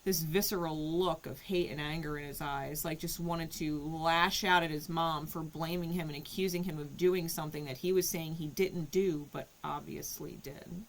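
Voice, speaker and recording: Woman doing a casual tarot reading, lowish voice, chatty storyteller, keeps saying right and like. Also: fairly even intonation, normal speed, few pauses, low-quality recording. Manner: storytelling, conversational, frequent "right?" and "like". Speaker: tarot reader.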